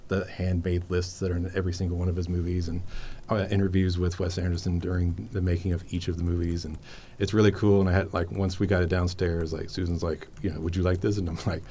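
A man's voice: low voice, little pitch movement, fast, mellow, slight background noise. A man hosting a casual library podcast, chatting in a rambling, enthusiastic way full of fillers. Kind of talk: casual chat.

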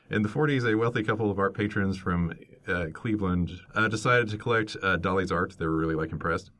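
A man's voice: deep voice, brisk, fairly bright tone. A man co-hosting a podcast in casual chat, wry and joking. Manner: wry, joking, laughs often. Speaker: podcast co-host. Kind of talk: casual chat with jokey segment.

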